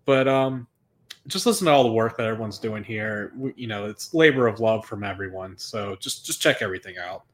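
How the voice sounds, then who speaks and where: Podcast guest co-host, male, thirties, rambling and casual, low-pitched. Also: brisk. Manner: rambling storyteller, many fillers and restarts.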